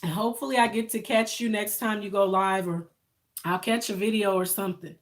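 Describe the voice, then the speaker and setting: A woman's voice: mid-range voice, steady tone, brisk. A woman, chatting on a live stream, emotional and thankful, laughing often. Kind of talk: casual live-stream chat with viewers.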